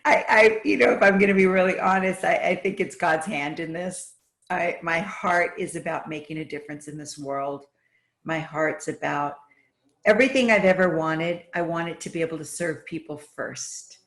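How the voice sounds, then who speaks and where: A woman's voice: fairly low pitch, moderate pace, fairly bright tone. Enthusiastic woman telling stories. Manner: enthusiastic, talks in long run-on stories. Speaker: podcast guest, entrepreneur. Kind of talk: casual interview storytelling.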